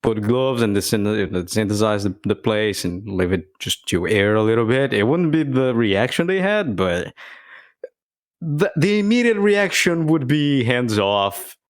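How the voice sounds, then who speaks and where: A man's voice: mid-range voice, expressive, a little slow, no echo, studio quality. A man co-hosting a podcast in casual chat, talking loosely with swearing and frequent restarts. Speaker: podcast co-host.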